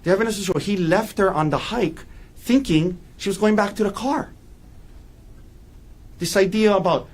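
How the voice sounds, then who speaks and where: A man's voice: high-pitched, lively intonation, moderate pace. A man giving a courtroom opening statement as defense attorney, emphatic and repeating key points for weight.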